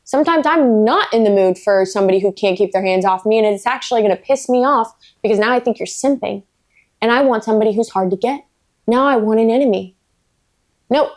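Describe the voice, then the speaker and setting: A woman book vlogger ranting casually, blunt and emphatic, swearing freely, with playful self-mocking asides. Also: a little high. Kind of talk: casual vlog rant.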